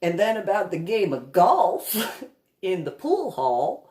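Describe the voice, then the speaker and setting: A woman's voice: mid-range voice, sing-song, slow, mellow. Giggly sarcastic woman in echoey room. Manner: sarcastic, giggly, mock-patient. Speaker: comedic storyteller. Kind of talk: comedic anecdote monologue.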